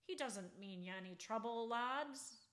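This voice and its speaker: A woman's voice: on the high side, lively intonation, a little slow, fairly bright tone, pitched above the performer's own voice. A woman voicing a friendly, old-fashioned shepherd man with a cheerful, lilting brogue. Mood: reassuring.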